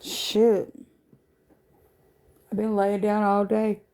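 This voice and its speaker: A woman's voice: mid-range voice, completely flat delivery, extremely slow, dark tone. A woman hosting a casual live stream from home at night, sleepy and yawning, greeting viewers in a laid-back, profane way. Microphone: phone.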